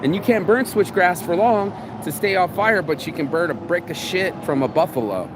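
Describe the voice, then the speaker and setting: A man's voice: high-pitched, lively intonation, a little fast, few pauses, noisy background. A man in his forties giving a crude, slangy motivational monologue as podcast host, often acting out voices in his head. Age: 40s. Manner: crude, pumped-up, slangy, acts out inner voices.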